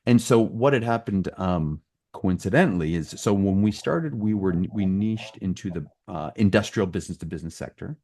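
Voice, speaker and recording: A man's voice: low-pitched, animated, normal speed, darkish tone. A man hosting a podcast interview, telling his agency story with lots of "you know" and "um". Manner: storytelling, with many fillers and restarts. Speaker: podcast host and agency owner. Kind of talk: casual interview conversation.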